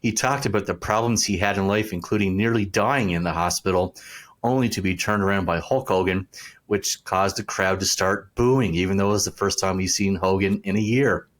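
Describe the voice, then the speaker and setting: A man's voice: deep voice, fairly quick. A man co-hosting a casual podcast, playful and joking, his mouth burning from hot snacks as he recaps a story. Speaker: podcast co-host.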